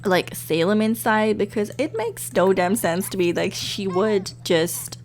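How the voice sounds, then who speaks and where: A young woman giving casual, excitable let's-play commentary with lots of fillers, talking into a desk microphone. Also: medium pitch, unhurried. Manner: chatty, excitable, many fillers. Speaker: gaming YouTuber.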